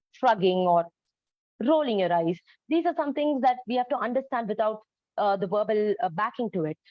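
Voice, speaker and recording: A woman's voice: mid-range voice, no echo. A woman presenting an educational talk on storytelling, explaining earnestly with frequent ums and uhs. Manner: earnest, explanatory, many fillers. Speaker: presenter on storytelling for autistic children. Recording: dull, lo-fi, dry recording.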